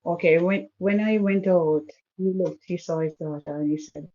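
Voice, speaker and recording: A woman telling an emotional personal story in a halting way, restarting and repeating her sentences. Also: lowish voice, fairly even intonation, warm tone, dull audio.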